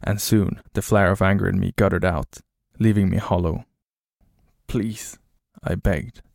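A man narrating a horror story in a flat, grim, low-key way. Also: moderate pace, creaky, no echo, clean studio sound.

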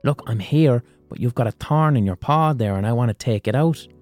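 Androcles, a patient man who calmly pleads and reassures, voiced by a man. The tone is mellow and warm. The sound is dry and close to the mic. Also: medium pitch, brisk, no room sound, faint music behind, lightly acted. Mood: coaxing.

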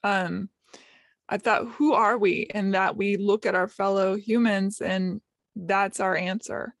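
A woman speaks at a middle pitch, telling a personal story with open emotion and self-deprecating asides. She is recorded close on a dry mic with no room sound. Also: fairly even intonation, slow, gravelly, dry recording. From United States. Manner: emotional, self-deprecating, quotes others in light voices. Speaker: podcast host, guest.

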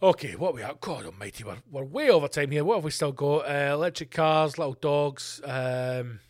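A man's voice: fairly high pitch, expressive, normal speed. Sweary man ranting. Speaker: podcast host. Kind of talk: comedic rant.

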